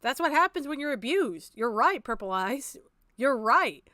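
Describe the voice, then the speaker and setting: A woman's voice: high-pitched, sing-song, a little slow, bright, forceful tone, no echo. A woman streamer, not from America, giving blunt, profane and exasperated reaction commentary. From outside America.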